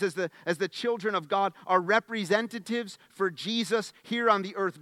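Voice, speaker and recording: A man preaching a sermon as pastor, earnest and emphatic, often repeating his first words and swinging between hushed lines and loud, driving ones. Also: high voice, no room sound.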